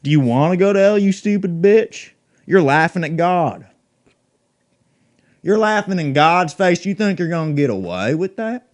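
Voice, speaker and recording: Man doing a crude bigoted redneck, profane, taunting, ranting, slightly high voice. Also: expressive, normal speed. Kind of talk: comedy sketch role-play.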